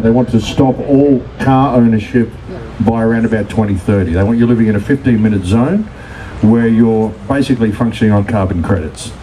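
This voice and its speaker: A man's voice: medium pitch, mellow, slight background noise, low-quality recording. A man giving a blunt, profane, ranting conference speech, often addressing the crowd as folks. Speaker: conference speaker. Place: conference stage.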